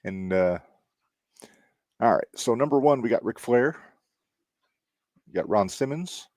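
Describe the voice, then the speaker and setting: A man's voice: mid-range voice, animated, unhurried, a little mellow, no echo, studio quality. A man co-hosting a casual wrestling podcast, joking and chatting loosely as he runs through the segments. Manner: joking, talks to himself while working. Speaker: podcast co-host.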